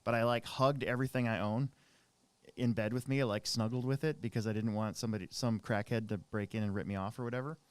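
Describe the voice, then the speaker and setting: Rambling animated man telling a story. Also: medium pitch, fast talker, clear, resonant tone, no echo. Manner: rambling, animated anecdote with many restarts. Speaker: podcast co-host. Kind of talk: casual storytelling chat.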